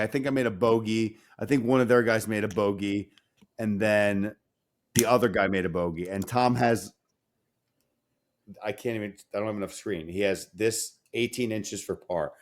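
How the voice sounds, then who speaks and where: Fairly low in pitch and moderately paced, this man co-hosts a laid-back podcast. His storytelling is animated and heavy on profanity, and he performs the lines of dialogue himself.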